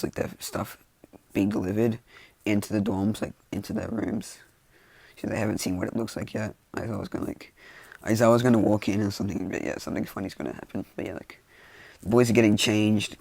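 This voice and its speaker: Rambling gravelly young man telling a story. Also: on the low side, a little mellow, no echo. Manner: rambling, many fillers like "like" and "you know". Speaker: fan storyteller. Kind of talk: casual improvised fan-fiction narration. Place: indoors with rain outside.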